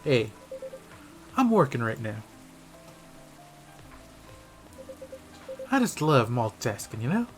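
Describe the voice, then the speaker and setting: A man's voice: medium pitch, big pitch swings, normal speed, faint music behind, close to an everyday voice. A man voicing a cheerful male police officer with a put-on Southern drawl, joking and breezy. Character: cheerful male cop, coffee shop regular.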